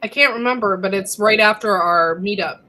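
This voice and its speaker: Chatty bright-voiced woman co-host. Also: medium pitch, normal speed. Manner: chatty, laughs often, says "like" and "dude"; chewing while talking. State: recovering from illness. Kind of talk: casual live-stream chat.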